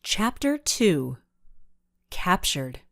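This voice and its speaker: A woman narrating a children's mystery audiobook in an expressive storytelling manner. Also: lowish voice, extremely slow, vocal fry, dry recording, studio quality. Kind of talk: scripted narration.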